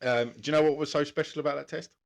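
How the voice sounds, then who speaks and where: A man's voice: a little high, steady tone, gravelly. Laid-back man chatting casually. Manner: laid-back, swears casually, quick to laugh. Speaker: podcast co-host. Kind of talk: casual chat about cricket.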